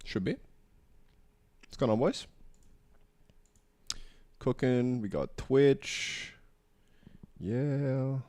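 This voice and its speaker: A man's voice: mid-range voice, drawn-out words, pauses often, warm tone, no room sound. A man with an Australian accent, casually chatting with viewers on a livestream while getting over a cold. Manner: laid-back, chatty, greeting chat by name. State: tail end of a cold. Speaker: streamer.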